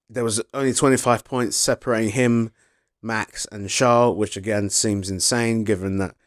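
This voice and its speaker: A man's voice: mid-range voice, dry recording, studio quality. Chatty man giving a motorsport take. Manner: chatty, self-deprecating, trips over words. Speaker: motorsport commentator. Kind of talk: casual opinion vlog.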